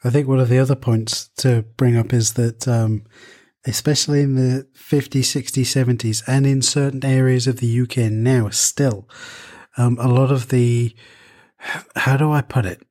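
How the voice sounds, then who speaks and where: A man's voice: medium pitch, fairly even intonation, moderate pace, darkish tone. Rambling man in casual chat. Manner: rambling, restarts, many ums.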